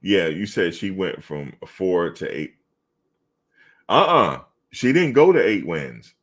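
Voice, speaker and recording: Deep-voiced man in casual sports chat. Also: slow. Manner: animated, repetitive, slangy banter with viewers. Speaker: live show host reading chat.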